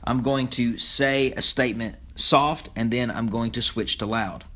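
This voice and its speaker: A man delivering a podcast lecture on speech delivery, in an explanatory teaching tone. His voice sits at an ordinary middle pitch, and he stops now and then on small fillers as he explains each point. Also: steady tone, measured pace, bright, forceful tone. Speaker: speech communication instructor.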